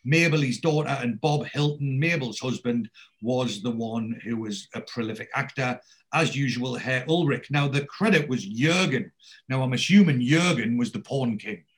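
At normal speed and with a mid-range voice, this man recaps a TV episode on his podcast. It's a casual, animated retelling in which he performs the characters' lines himself.

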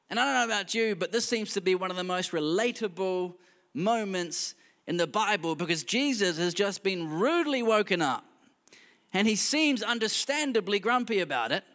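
A man preaching a sermon in a relaxed, conversational way, mixing humorous asides with earnest points. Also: high-pitched, a little fast, big-room sound. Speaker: pastor.

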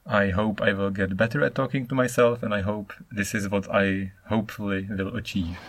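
A man in his thirties from the Czech Republic, a non-native speaker, hosting a solo podcast in a rambling, animated way. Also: lowish voice, normal speed, a little hiss or hum. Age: 30s. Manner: rambling, animated, acts out intonations. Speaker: podcast host.

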